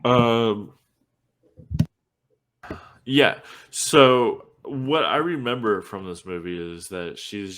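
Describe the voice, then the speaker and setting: A man's voice: low voice, a bit bright. A man hosting a casual film-review podcast, rambling through a retelling with many "like"s and restarts. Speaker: podcast host.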